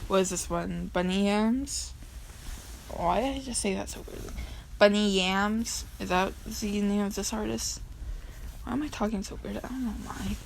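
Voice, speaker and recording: A woman's voice: mid-range voice, vocal fry, a little hiss or hum. A young woman chats her way through a pile of comics, casual and unscripted. She rambles, giggles and stumbles over her words, starting sentences over and filling gaps with ums. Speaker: comic reader vlogger. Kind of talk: casual comic reading and chat.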